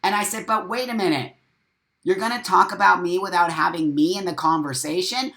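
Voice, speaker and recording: A man hosting a live-stream monologue, swearing often and repeating phrases for emphasis in a defiant, forceful rant. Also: high-pitched, brisk. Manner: profane, emphatic ranting. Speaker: host.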